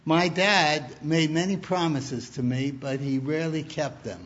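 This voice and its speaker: Male preacher, kinda high voice, slow sermon, muffled dull recording. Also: fairly even intonation, a bit bright. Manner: deliberate, storytelling with humor.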